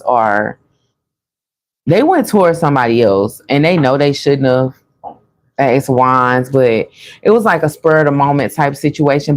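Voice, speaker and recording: Low-voiced chatty woman reading tarot. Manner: chatty, animated, laughs often, addresses viewers as y'all. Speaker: tarot reader. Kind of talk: casual tarot reading to viewers.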